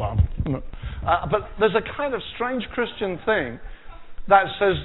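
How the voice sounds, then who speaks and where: A man delivering a sermon with a slightly high voice, animated and jokey, acting out quotes as he goes. The sound is tinny and narrow, as if it came over a phone line. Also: moderate pace, a little hiss or hum. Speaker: preacher.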